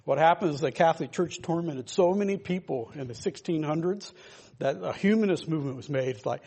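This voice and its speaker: A man's voice: a little high, expressive, brisk, a little mellow, slightly rough. An older man giving an informal, rambling sermon, emphatic and full of asides to his listeners. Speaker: pastor.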